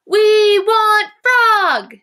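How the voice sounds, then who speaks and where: A woman voicing an excited crowd of animals in a children's storybook, chanting in a high, shouting voice. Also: takes it slowly, vocal fry, full character voice.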